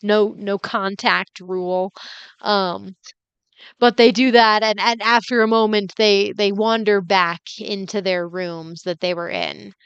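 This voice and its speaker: A woman's voice: medium pitch, steady tone, slow, a bit bright, clear, resonant tone, dry recording, dull audio. A woman running a tabletop game as game master, rambling with many fillers and giggling often.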